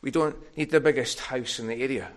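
A man's voice: mid-range voice, fairly quick. A man preaching a sermon, earnest and tender, building to emphatic peaks.

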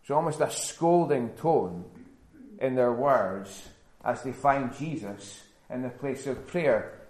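An earnest male pastor preaching a sermon, his voice sitting at an ordinary middle pitch. He builds to emphatic, repeated phrases. The church around him is roomy and echoes. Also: lively intonation, slow.

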